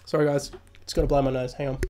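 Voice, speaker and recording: A man's voice: medium pitch, level tone, very fast, dark tone. Man, live stream host, jokey, chatty, studio mic. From Australia. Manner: jokey, chatty, reads news aloud then riffs. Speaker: crypto livestream host. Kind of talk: casual live stream chat. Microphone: new studio mic.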